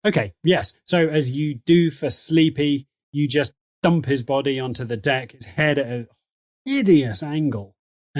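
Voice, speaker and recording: A man's voice: mid-range voice, no room sound, studio quality. A man narrating a tabletop game as game master, rambling and joking with lots of fillers. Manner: rambling, jokey, full of fillers.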